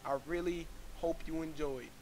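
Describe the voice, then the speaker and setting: A man's voice: a little high, fairly even intonation, normal speed, a little mellow. A young man giving casual gameplay commentary as a gaming YouTuber, rambling and earnest, with lots of fillers. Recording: game audio noise behind. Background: gunfire and game sounds.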